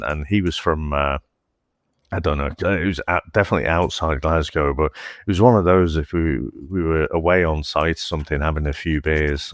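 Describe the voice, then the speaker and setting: Deep-voiced man rambling in casual chat. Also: dry recording, studio quality. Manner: rambling, self-interrupting, quick to laugh. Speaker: podcast co-host. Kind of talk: casual film review chat.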